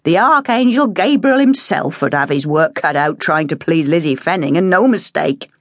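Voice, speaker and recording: A woman's voice: sits low, expressive, normal speed, no echo. A woman voicing a plump, kind-hearted, motherly woman who fusses over a child in a homely way. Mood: kindly. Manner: warm-hearted, homely, fussing.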